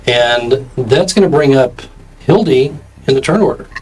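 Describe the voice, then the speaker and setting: A man narrating a tabletop fantasy game as its game master, painting each scene in slow detail and often stopping on "um" to find his words. His voice sits at an ordinary middle pitch, and soft music plays faintly behind him. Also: expressive, husky, low-quality recording. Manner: descriptive, with frequent "um" pauses while narrating.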